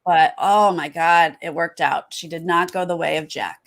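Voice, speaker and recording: A woman's voice: low-pitched, steady tone, moderate pace, fairly bright tone. A woman hosting a casual reality TV recap, with wry, dismissive asides. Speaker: podcast host.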